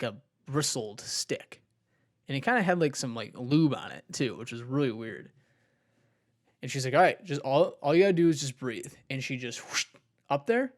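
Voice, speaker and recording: Chatty young man telling a story. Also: medium pitch. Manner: rambling storytelling with many likes. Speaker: podcast co-host. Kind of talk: casual chat.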